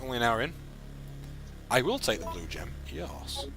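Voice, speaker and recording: A man's voice: mid-range voice, normal speed, music in the background. A young man hosting a live game stream, chatting and joking with a co-host and viewers. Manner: chatty, jokey, lively delivery. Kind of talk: live gameplay chat.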